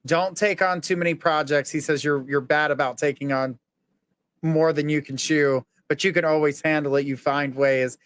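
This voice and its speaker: A man's voice: a little high, steady tone, moderate pace, fairly bright tone, clear, resonant tone, dry recording, clean studio sound. Earnest man giving a psychic reading. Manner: earnest, reassuring, relays messages in the first person. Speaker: psychic medium host.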